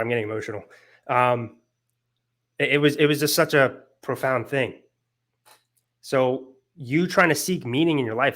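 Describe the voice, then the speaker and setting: An earnest young man gives a loose, conversational lecture. His voice sits at an ordinary middle pitch, and he piles up fillers and restarts as the ideas carry him along. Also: fairly bright tone. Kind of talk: casual lecture on philosophy.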